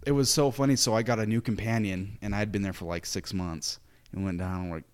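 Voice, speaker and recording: Low-voiced man telling animated stories. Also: fairly quick. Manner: animated storyteller, restarts often. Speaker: guest. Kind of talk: casual chat.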